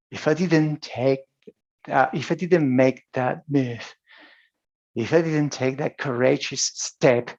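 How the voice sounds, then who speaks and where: Gravelly Spanish-accented man, motivational coach. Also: medium pitch, dull audio. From Spain. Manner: storytelling, with frequent restarts and laughs. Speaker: high performance coach. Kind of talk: motivational talk.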